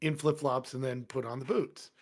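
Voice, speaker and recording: Man, firefighter, casual storytelling, profane, blunt, animated, podcast studio. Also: mid-range voice, normal speed.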